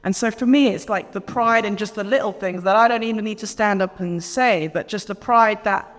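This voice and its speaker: A woman's voice: medium pitch, brisk. A woman speaking on a conference panel, reflective and thinking aloud. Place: conference hall. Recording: long hall reverb.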